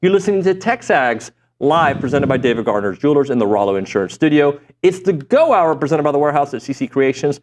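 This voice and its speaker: A man's voice: fairly high pitch, sing-song, fast talker, hardly any pauses, darkish tone. A man hosting a sports talk show, joking and reading sponsor plugs. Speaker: radio show host.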